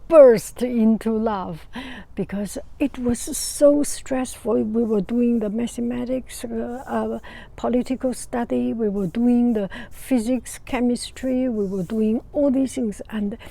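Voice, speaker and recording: A woman from China speaks English, telling a casual personal story. She is an art teacher who talks at an unhurried, drawn-out pace in a soft, warm, mellow voice. She often halts mid-phrase to find the right word and slips into quiet laughter. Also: on the high side, gravelly. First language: Mandarin Chinese. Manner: halting, searching for words, breaks into soft laughter.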